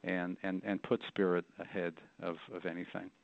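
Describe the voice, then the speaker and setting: A man's voice: deep voice, flat delivery, normal speed, vocal fry, no room sound. A middle-aged man, a rabbi and author, telling his story as an interview guest in a reflective way, often repeating words as he goes. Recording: dry, tinny phone line.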